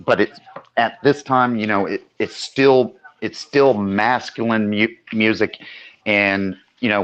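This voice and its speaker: A man hosting a podcast, giving slow, opinionated views with casual swearing. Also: lowish voice, fairly bright tone, poor audio. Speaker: podcast host.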